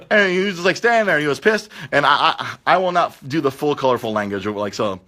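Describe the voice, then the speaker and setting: A man hosting a podcast in a radio studio, telling a story in a lively way, acting out the voices of the people in it and laughing often. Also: fairly high pitch, normal speed. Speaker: podcast host. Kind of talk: animated storytelling chat.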